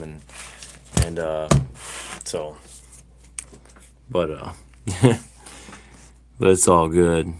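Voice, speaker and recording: A middle-aged man talks casually on his livestream. His voice sits a little low. He rambles, circling back with plenty of "uh" and "you know.". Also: fairly even intonation, slow, pauses often, noisy background. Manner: rambling storyteller, many fillers and restarts. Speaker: livestream host.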